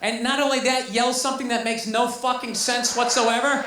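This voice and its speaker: A male comedian tells a stand-up story in an exasperated, profane rant, mimicking the people in it. The sound is roomy and distant, and clear noise runs underneath. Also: very high-pitched, flat delivery, normal speed, pushed and bright. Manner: profane, exasperated storytelling with mock-quoted voices. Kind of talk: stand-up routine. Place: stand-up special played back in a room. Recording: roomy, distant, noisy playback.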